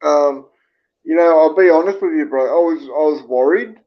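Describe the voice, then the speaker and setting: Casting: Australian man, gravelly and frank, loose livestream host who swears and rambles, dull lo-fi audio. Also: fairly high pitch, normal speed. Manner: rambling, swears freely, many fillers. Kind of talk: casual livestream chat, reading viewer comments.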